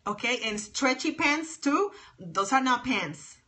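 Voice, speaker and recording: Middle-aged woman host, emphatic and sassy, bright and a little high; phone livestream chat. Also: animated, slow. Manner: emphatic, repeats her points, sassy. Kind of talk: casual livestream chat with viewers.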